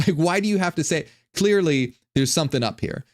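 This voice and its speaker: A man giving casual, irreverent commentary on ancient texts, animated and full of stumbling restarts. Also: fairly high pitch, brisk. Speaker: online religion commentator.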